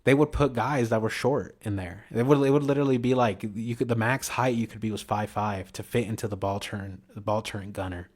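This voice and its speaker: A man's voice: fairly low pitch, a little fast, few pauses, darkish tone. A man vlogging in a rambling casual monologue, slangy and full of restarts and "you know".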